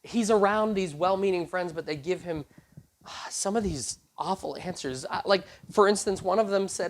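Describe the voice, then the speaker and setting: A youth pastor with a high-sitting voice speaks at normal speed over a little hiss or hum. He preaches to a youth group, retelling a Bible story casually and animatedly acting out the characters in casual slang.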